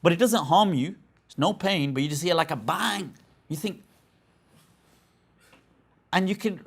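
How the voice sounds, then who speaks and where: A man's voice: a little high, a little slow, long pauses. A man giving an informal religious lecture, talking conversationally with rhetorical questions and frequent restarts. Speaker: Islamic scholar lecturing.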